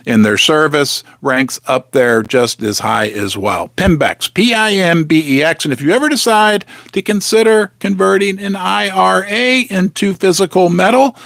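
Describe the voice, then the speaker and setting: A man hosting a casual live stream, talking with many restarts and rhetorical questions, clearing his throat as he is losing his voice. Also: fairly high pitch, fairly bright tone, dry recording. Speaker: host of a live precious-metals stream.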